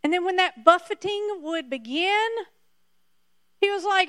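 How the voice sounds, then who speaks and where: Emphatic, high-voiced woman preacher. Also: expressive, measured pace, long pauses, fairly bright tone, dry recording. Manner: emphatic, repeats points to the congregation. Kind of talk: sermon.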